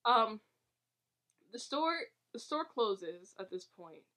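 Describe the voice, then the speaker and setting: A woman's voice: fairly high pitch, sing-song, takes it slowly, bright, forceful tone. A woman casually recapping a movie plot for a co-host, rambling and giggling, with lots of fillers and restarts. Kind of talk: casual chat.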